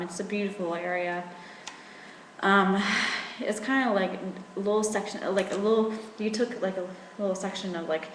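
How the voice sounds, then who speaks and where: A woman's voice: fairly low pitch, a bit bright, roomy sound, long reverb tail, a little hiss or hum, rough recording. A young woman from rural in her twenties, chatting casually in a rambling vlog at home with lots of fillers. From rural Virginia. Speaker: vlogger.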